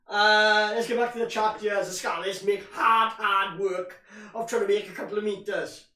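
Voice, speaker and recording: A man with a high-pitched, bright, forceful voice gives live watch-along fan commentary on a match, keeping a steady tone at normal speed. He rants in frustration and calls his listeners "boys," recorded with roomy echo from a distance.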